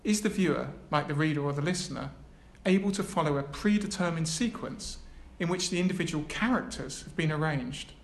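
Reading from a prepared text with hesitant asides, this academic speaker lectures in a slightly high, gravelly voice, fairly quick and with few pauses. The lecture room sounds echoey, and faint background noise is present.

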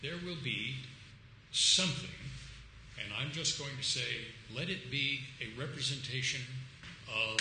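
A man giving an academic lecture, emphatic and animated, sometimes acting out quoted lines. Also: medium pitch, a little slow. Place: lecture room. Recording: echoey lecture room with faint noise.

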